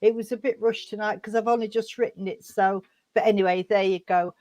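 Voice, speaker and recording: A woman leading a mediumship demonstration at a service. She talks in halting bits with many fillers and restarts, and calls people sweetheart. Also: medium pitch, steady tone, a loud crowd.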